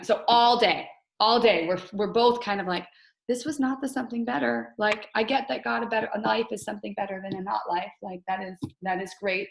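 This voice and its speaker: A chatty, candid woman hosts a casual team video call, with a voice of middling pitch. She laughs easily as she talks. The sound bounces around a roomy, echoey space. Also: gravelly, a little hiss or hum. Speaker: team coach host.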